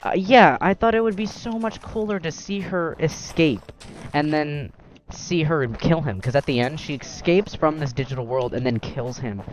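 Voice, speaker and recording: A young man, host of a gaming channel, chatting casually while playing, rambling with animated acted-out quotes. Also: on the high side, moderate pace.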